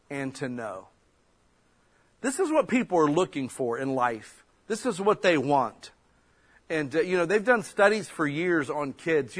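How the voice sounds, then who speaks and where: A man, a pastor giving a folksy, conversational sermon, breaking into sudden loud bursts. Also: a little high.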